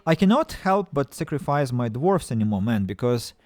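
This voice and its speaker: Halting man streaming a game. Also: mid-range voice, sing-song, darkish tone, no echo. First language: Russian. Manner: halting, stammering restarts, playful self-mocking. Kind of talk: casual game-stream chat.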